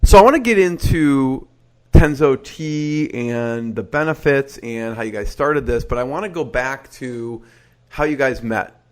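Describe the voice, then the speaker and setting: A man hosting a casual interview podcast, chatty and eager, firing quick follow-up questions. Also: mid-range voice. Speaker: podcast host.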